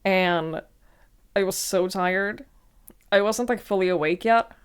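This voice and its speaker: A woman's voice: mid-range voice, steady tone, moderate pace, clear, resonant tone. A woman streamer chatting casually and rambling while she plays a game.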